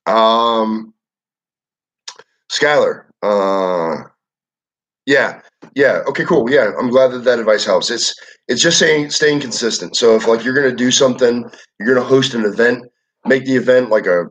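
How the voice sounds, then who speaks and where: A young man from Michigan, hosting a casual livestream and reading the chat. He talks in a rambling, relaxed way, with lots of filler words and swearing. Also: mid-range voice. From Michigan, USA. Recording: dull lo-fi audio.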